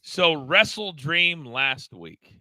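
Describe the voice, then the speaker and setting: Middle-aged guy co-hosting a wrestling show, bright pitchy voice, stumbles over words, repeats himself a lot. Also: slow, no echo, low-quality recording. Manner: animated storyteller, stammers and repeats words. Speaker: podcast co-host, former wrestling coach. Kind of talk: casual wrestling talk-show chat.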